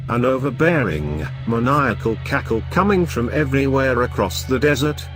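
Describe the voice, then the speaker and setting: A man telling a folklore horror story in an expressive, theatrical way. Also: medium pitch. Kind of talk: dramatic horror narration.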